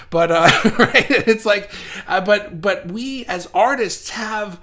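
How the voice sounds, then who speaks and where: In this casual live chat, the host rambles, reads comments from viewers aloud, and keeps restarting what he's saying. His voice is high-pitched and sharp, and he takes his time.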